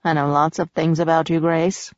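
Lady reading a creepy stalker guy, possessive, fast and wheedling, dull dry audiobook sound. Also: sits low, level tone, dry recording, close to an everyday voice. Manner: creepy and possessive, turning to snarling rage. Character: obsessive menacing male stalker client.

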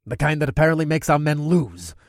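A man voicing a brutish, boastful male orc warrior with a growling, gravelly voice. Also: on the high side, animated, fairly quick, no echo, studio quality. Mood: gruff. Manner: boastful and crude.

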